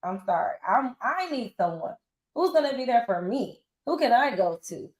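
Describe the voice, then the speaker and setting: Animated woman in her forties, roomy sound. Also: a little high, normal speed. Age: 40s. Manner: animated storyteller acting out quotes. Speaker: interview guest. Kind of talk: casual interview talk. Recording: roomy echo.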